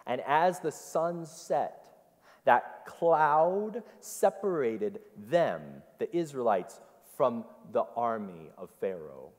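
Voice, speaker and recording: Slow, animated male preacher in church. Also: medium pitch. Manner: repeats congregation answers, animated storytelling. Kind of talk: interactive sermon. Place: church sanctuary. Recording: long church hall reverb.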